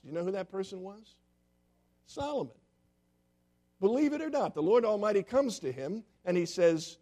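A male pastor delivers a sermon in a somewhat high voice. He tells stories and acts out the characters with animated quoted lines. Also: normal speed. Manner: storytelling with lively quoted voices.

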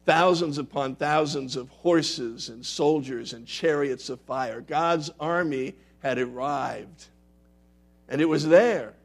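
A man preaching a sermon and telling stories. He moves between loud, dramatic lines and hushed, quiet ones. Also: mid-range voice, gravelly, husky. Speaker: pastor. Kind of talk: sermon with storytelling.

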